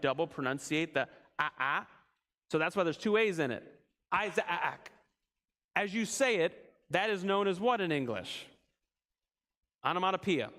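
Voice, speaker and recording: A man's voice: a little high, a bit bright. A man leading a church Bible study in a conversational way, often asking the group questions.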